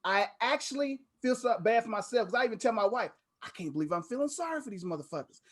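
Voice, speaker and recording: A man's voice: sits high, expressive, quick pace. A man in a casual discussion, telling a story and acting out exchanges. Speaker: podcast co-host.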